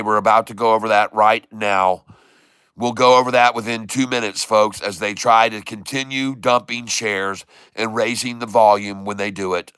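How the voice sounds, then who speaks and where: A man hosting a stock trading channel, giving excitable live market commentary, taunting short sellers and repeating prices over and over. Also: mid-range voice, clean tone, dry recording.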